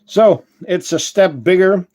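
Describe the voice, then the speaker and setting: A man hosting a casual livestream, chatting with viewers and answering their comments, unhurried and full of fillers and self-corrections. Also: high voice, a little mellow. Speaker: ant-keeping channel host and shop owner.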